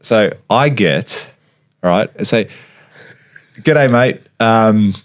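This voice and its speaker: Lower-pitched Australian man, jokey podcast host. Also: slow pace. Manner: joking, animated storyteller who swears. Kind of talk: casual chat.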